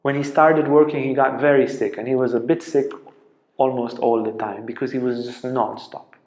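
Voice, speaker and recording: A man giving a spiritual lecture as a teacher, telling stories earnestly and dropping to a soft hush at tender moments. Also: mid-range voice, steady tone, normal speed. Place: ashram lecture room. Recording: roomy, echoey lecture room.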